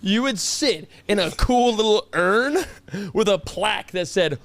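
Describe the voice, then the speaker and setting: A man's voice: high-pitched, a little slow, vocal fry, dry recording. A man co-hosting a casual podcast, telling exaggerated comic stories with lots of laughter. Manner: animated comic storytelling, frequent laughter. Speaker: podcast co-host.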